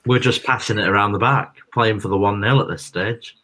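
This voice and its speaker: A man's voice: fairly low pitch, fairly even intonation, brisk, sharp tone. A man co-hosting a live football watchalong, bluntly pessimistic about his team's chances. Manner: gloomy and blunt. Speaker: football fan co-host. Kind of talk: casual live watchalong chat.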